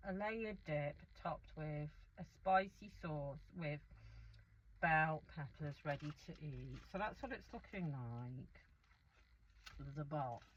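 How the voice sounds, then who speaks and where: A woman's voice: deep voice, lively intonation, takes it slowly, dull audio, slight background noise. A middle-aged woman chatting casually through an eating show, rambling and talking to herself as she goes. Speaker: food vlogger.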